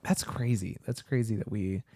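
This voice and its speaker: A man's voice: on the low side, moderate pace, dark tone, no echo, studio quality. A man co-hosting a podcast in wry, easygoing chat. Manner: wry, chatty, swings between mumbles and bursts. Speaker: podcast co-host. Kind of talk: casual chat.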